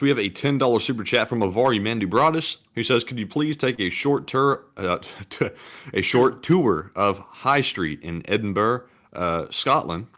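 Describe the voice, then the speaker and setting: A man's voice: on the low side, a bit bright. A man co-hosting a livestream, talking casually in a dry, matter-of-fact way. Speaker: co-host reading viewer messages.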